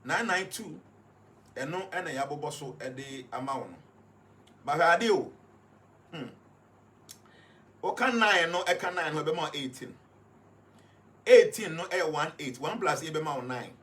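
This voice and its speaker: A man's voice: a little high, expressive, measured pace, pauses often, a bit bright. A man with a Ghanaian accent, a life coach in casual talk, switching often between English and Twi and repeating words with many fillers.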